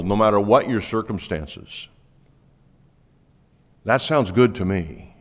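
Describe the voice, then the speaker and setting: A man preaching a sermon to a congregation, swinging between loud, rising appeals and quiet, low asides. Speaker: pastor. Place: church sanctuary. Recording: long reverb of a large hall.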